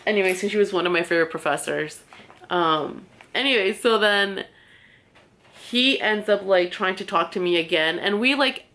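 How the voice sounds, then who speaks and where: A woman's voice: medium pitch, moderate pace, fairly bright tone. A young woman vlogger telling a personal story while getting ready, candid and chatty, with lots of "like" fillers. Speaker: beauty vlogger and podcast host. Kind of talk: casual get-ready-with-me story time.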